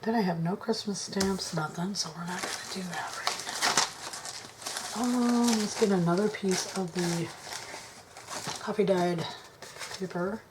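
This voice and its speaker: A woman vlogging her craft work to camera on a tripod, thinking aloud, indecisive, often dropping into soft mutters. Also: medium pitch, measured pace, pauses often, very noisy. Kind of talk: casual crafting chat to camera.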